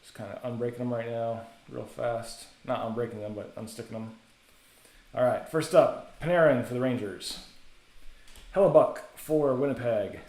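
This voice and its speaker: A man's voice: mid-range voice, normal speed, a little mellow. Male card-break host, casual rattling delivery, echoey room. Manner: casual, chatty, rattles off names. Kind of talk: live card-break commentary.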